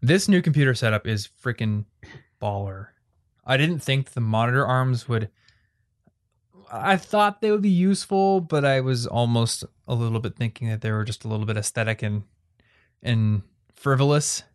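A man's voice: mid-range voice, moderate pace. A young man from Iowa hosts a casual podcast chat with a friend. He rambles through a story with an easy mid-range voice and restarts his sentences as he goes. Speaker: podcast host.

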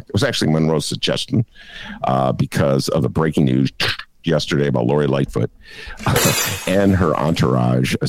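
A man hosting a political talk show, animated and laughing, often mocking others in put-on voices. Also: very deep voice, vocal fry, no room sound. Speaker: podcast host. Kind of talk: casual political commentary.

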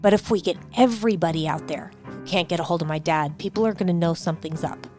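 Woman talking in an interview, low-ish voice, earnest and emphatic, quotes people as she goes, faint music under it. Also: fast, darkish tone. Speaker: interviewee, daughter recounting family events. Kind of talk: personal interview testimony.

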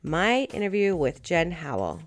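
A woman's voice: fairly low pitch, sing-song, normal speed, music in the background. A woman hosting a podcast with a stuffed-up, congested nose from a cold, talking in a chatty, candid, lightly self-mocking way. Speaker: podcast host. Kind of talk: casual podcast intro monologue.

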